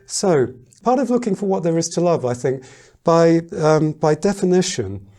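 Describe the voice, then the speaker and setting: A man teaching a piano lesson in a casual, thoughtful way, pausing often and humming rhythms aloud. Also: on the high side, sing-song. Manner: thoughtful, hesitant, sings and counts rhythms aloud. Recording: loud piano playing behind the voice.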